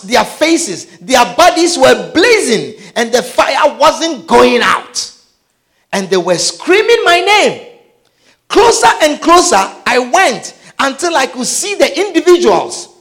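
A man telling a dramatic personal testimony, his delivery swinging between hushed and shouted. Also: very high-pitched.

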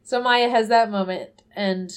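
A woman's voice: mid-range voice, steady tone, unhurried, smooth. A woman chatting casually, animatedly retelling a story and acting out the characters' lines, swearing freely. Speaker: podcast host recapping a film. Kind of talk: casual chat.

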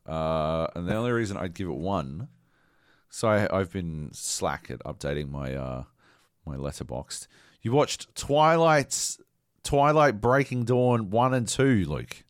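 A man co-hosting a podcast, ranting in a sweary, animated way during casual banter. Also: sits low, unhurried, dry recording, clean studio sound. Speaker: podcast co-host.

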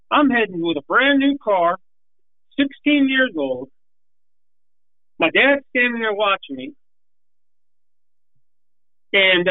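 A man telling a racing story in a folksy, animated way, a little out of breath, with restarts along the way. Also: high voice, dry recording. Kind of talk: casual storytelling. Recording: tinny phone line.

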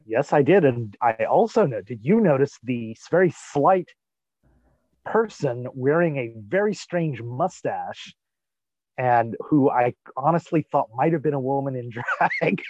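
A man's voice: mid-range voice, animated, measured pace, darkish tone, no room sound. A man co-hosting a podcast who muses over a TV episode in casual chat. His thoughts come out in loose, restarting phrases. The recording sounds muffled and completely dry. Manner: chatty, musing, with frequent restarts. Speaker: podcast co-host.

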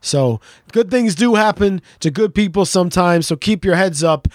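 A middle-aged man with a notably high voice, chatting loosely on a podcast. He rambles and jokes and swears freely. The sound is close and dry, with no room around it. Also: normal speed, dry recording. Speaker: podcast co-host. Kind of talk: casual chat.

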